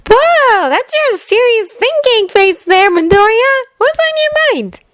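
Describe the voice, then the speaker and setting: A woman plays a cheerful teenage hero girl from a fanfic story in a very high, bouncy voice. The girl is bubbly and full of life, with a lively sing-song lilt. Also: slow, dry recording, full character voice. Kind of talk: fanfiction reading.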